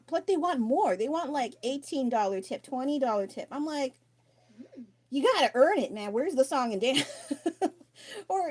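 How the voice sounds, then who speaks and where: A woman talking loudly and candidly into her phone mic during a casual live stream, rambling and swearing casually. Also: a little high, no room sound. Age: adult. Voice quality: loud, raised voice.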